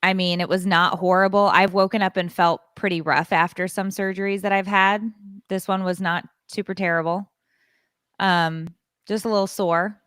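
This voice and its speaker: Bright-voiced woman telling a story. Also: medium pitch, moderate pace, clear, resonant tone, no room sound, clean studio sound. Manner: animated storyteller, frank and self-deprecating. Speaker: podcast co-host. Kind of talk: casual chat.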